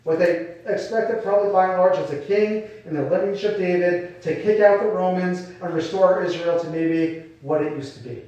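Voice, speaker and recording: A man preaches a sermon in a relaxed, conversational way, slipping into quoted voices as he goes. His voice sits high for a man. He is heard from a distance in a strongly echoing hall. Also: moderate pace, hardly any pauses, dull audio. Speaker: pastor. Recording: echoey hall, mic far off.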